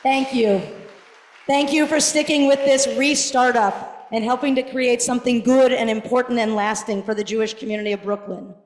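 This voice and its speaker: A woman's voice: fairly high pitch, steady tone, moderate pace. A middle-aged woman rabbi giving a gala tribute speech, earnest with touches of self-deprecating humor. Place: large banquet hall. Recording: echoey hall with crowd murmur. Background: faint crowd noise.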